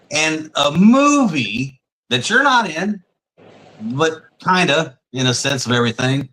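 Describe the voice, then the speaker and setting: A man hosting a conversational interview, reflecting on his guest's story in quick listed phrases. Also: a little high, big pitch swings, bright, forceful tone, a little hiss or hum, rough recording. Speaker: podcast host.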